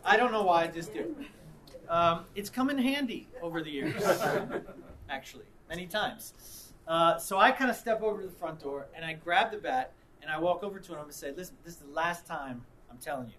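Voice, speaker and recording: A man preaching, mixing reflection with an animated story in which he acts out the people involved. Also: a little high, normal speed, slight background noise. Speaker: pastor. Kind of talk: sermon with storytelling.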